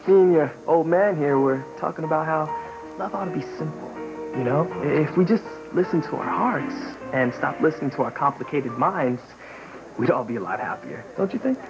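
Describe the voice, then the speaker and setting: An actor playing a smooth-talking, persuasive young man who talks easily about love in a soap opera scene. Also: a little high, lively intonation, a little fast, music in the background, poor audio. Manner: easygoing and persuasive, laughing. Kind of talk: daytime soap opera acting.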